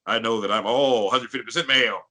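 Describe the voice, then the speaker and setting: A man in his fifties from St. Louis with a deep bass voice, telling stories as an interview guest in an animated way and slipping into impressions. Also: fast, poor audio. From St. Louis, Missouri. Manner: animated storyteller who breaks into impressions and laughs. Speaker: guest voice actor. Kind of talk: casual interview storytelling.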